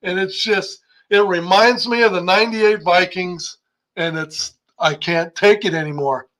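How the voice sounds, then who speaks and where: A man's voice: high-pitched, steady tone, a little slow, fairly bright tone, rough recording. An older man co-hosting a sports talk show, ranting heatedly about a game. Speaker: podcast co-host.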